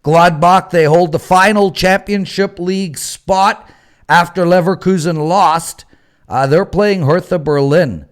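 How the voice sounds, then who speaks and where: A man's voice: high-pitched, measured pace. A man from Canada hosting a sports betting talk show, joking and teasing his co-hosts. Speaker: host.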